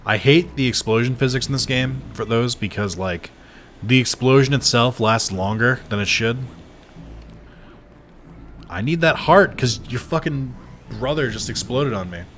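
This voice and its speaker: A man's voice: mid-range voice, a little slow, a bit bright, faint music behind. A man chatting casually while streaming a game, swearing freely and answering his chat. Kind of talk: casual gameplay commentary.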